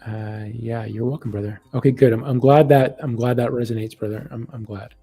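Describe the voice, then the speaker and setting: A man hosting a live online reading, talking casually with warm affirmations and many restarts. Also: mid-range voice, fairly even intonation, a little fast, vocal fry, breathy edge, soft background music. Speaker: psychic reader hosting a live event.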